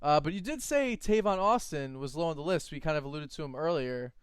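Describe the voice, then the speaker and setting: Man, co-host, animated sports chat, smooth clear voice, dry close sound. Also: fairly high pitch, a little fast, no room sound. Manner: animated, laughs easily, opinionated. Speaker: fantasy football co-host.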